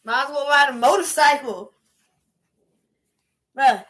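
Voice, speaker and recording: A middle-aged woman, chatting casually on a livestream, loud and animated, laughing and shouting at times. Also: high voice, takes it slowly. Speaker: livestream host.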